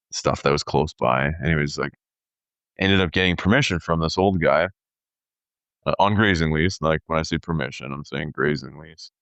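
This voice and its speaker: A man in his thirties telling a story in casual podcast chat, animated and peppered with "dude" and "like". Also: extremely low pitch, gravelly, smooth, no room sound, highs cut off. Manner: animated storyteller, says "dude" and "like", acts out quoted voices. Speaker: podcast co-host.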